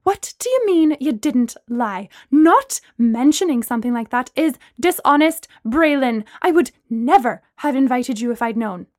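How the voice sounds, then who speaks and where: A woman's voice: high voice, expressive, unhurried, few pauses, a little mellow, no echo, clean studio sound. A woman voicing an upset, dramatic young woman in a read-aloud story.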